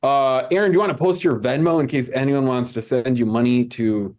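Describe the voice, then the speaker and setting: A man's voice: mid-range voice, a little mellow. A man hosting an online comedy show over a video call, chatting loosely with many stammered restarts. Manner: rambling, stammering restarts, quick asides. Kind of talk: casual live-stream banter. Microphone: video call mic.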